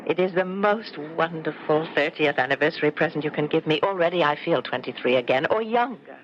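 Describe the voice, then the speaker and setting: An actress playing a middle-aged former resistance fighter, now a teasing, affectionate wife, in a 1970s radio drama. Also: female voice, low-pitched, lively intonation, fairly quick. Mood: tender. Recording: muffled old radio broadcast with hiss.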